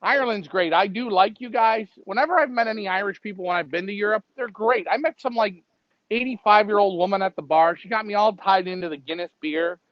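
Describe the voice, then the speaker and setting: A man's voice: high voice, brisk, no room sound. A man co-hosting a casual live stream, rambling and joking and laughing often. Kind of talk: casual chat. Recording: dry, dull lo-fi stream audio.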